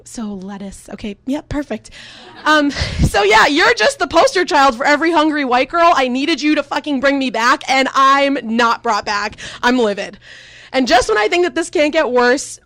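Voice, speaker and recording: A woman's voice: sits high, fairly bright tone, no room sound. A young woman performing a stand-up comedy set, telling exasperated, sarcastic stories with plenty of swearing.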